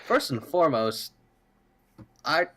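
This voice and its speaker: A man's voice: fairly high pitch, very animated, takes it slowly, a bit bright. A man casually playing a tabletop role-playing game, wry and self-deprecating. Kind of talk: casual tabletop play over voice chat.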